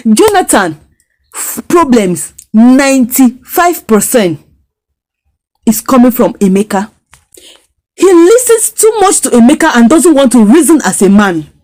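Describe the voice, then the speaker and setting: Woman, fairly high voice, lively swooping pitch, indignant recap, emphatic repetition. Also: a little slow. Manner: indignant, emphatic, repeats phrases for force. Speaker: series reviewer. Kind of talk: storytelling recap and critique.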